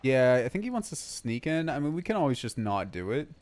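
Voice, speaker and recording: A man's voice: mid-range voice, very animated, fast, darkish tone, dry recording. Young guy co-streaming, bouncy intonation, crude and loose. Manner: laughing, loose swearing. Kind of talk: casual gaming chat.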